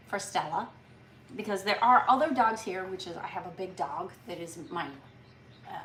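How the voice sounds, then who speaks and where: A woman's voice: mid-range voice, fairly bright tone, far from the mic. A woman hosts a casual live stream, chatting in a rambling way with plenty of restarts. Her voice sounds roomy and comes from some way off the mic. A faint background hum runs underneath. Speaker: livestream host. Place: home on a farm.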